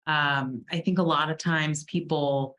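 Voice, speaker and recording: A woman's voice: low-pitched, steady tone, unhurried, fairly bright tone, highs cut off. A woman hosting a casual podcast, chatty and laughing easily as she interviews a guest. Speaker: podcast host and law firm owner.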